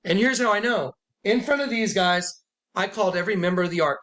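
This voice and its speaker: High-voiced man telling an emphatic story. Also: fast, bright, forceful tone. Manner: emphatic, acts out quoted voices. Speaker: self-described prophet addressing followers. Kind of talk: emotional storytelling monologue. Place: indoors with listeners present.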